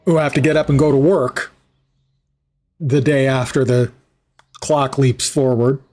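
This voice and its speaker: A man's voice: medium pitch, steady tone, measured pace, darkish tone. A sleepy man streaming a game, rambling with wry, sarcastic asides and yawning often. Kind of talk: casual commentary while gaming.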